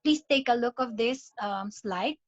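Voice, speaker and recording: A woman doctor giving a medical lecture in a measured, instructive way. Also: a little high, no room sound. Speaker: palliative care consultant lecturing. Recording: dull, dry lo-fi audio.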